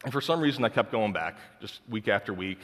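A man's voice: lowish voice, expressive, fast talker, a bit bright, big-room sound. A young man sharing a personal faith testimony in casual, heartfelt storytelling full of filler words. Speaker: speaker sharing his testimony.

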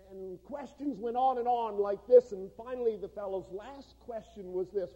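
A man's voice: high voice, normal speed, hardly any pauses, dark tone, highs cut off. A man preaching a sermon to students, telling a story that builds into fervent exhortation. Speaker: guest preacher. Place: large chapel. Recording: long reverb of a large hall.

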